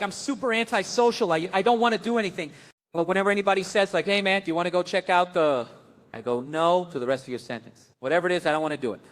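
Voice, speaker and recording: Guy doing standup, high-ish voice, sarcastic grumpy rants, acts out little voices. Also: fairly bright tone. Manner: sardonic, grumbling rants with acted-out voices. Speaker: stand-up comedian. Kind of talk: stand-up comedy set.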